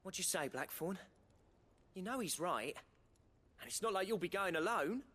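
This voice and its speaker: An actor playing a cheerful, cheeky young game companion who talks in a chatty, teasing way. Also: male voice, high voice, animated, normal speed, bright, forceful tone, full character voice. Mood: cheery.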